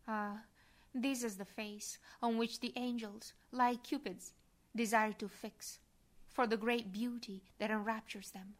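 Here a woman with a voice pitched a little high reads a prayer as a devotional reader. She sounds soft and reverent, occasionally fading to a breathy whisper.

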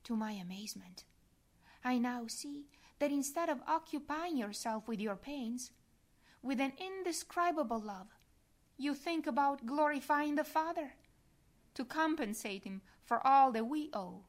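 Woman narrator for a devotional reading, unhurried and hushed, at times near a whisper. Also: sits high, lively intonation. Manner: slow, soft, prayerful, sometimes whispered.

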